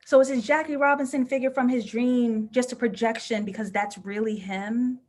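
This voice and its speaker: A woman's voice: high-pitched, steady tone, moderate pace, few pauses. A woman hosting a live TV episode review and reading viewer comments, talking passionately and emotionally. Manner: passionate and emotional, given to sudden laughing outbursts. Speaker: host of a live TV review show.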